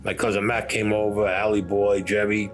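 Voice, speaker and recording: A man's voice: on the low side, level tone, moderate pace, faint music behind. An older man telling his own story bluntly, swearing freely and acting out what others said. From Brooklyn, New York. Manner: blunt, profane, acts out other people's lines. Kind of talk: first-person storytelling.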